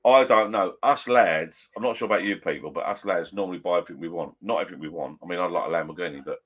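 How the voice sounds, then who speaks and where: A man's voice: low voice, fast talker, fairly bright tone. A middle-aged man, chatting casually on a live stream from his garden bar shed and reading out viewer comments in a rambling, blokey way.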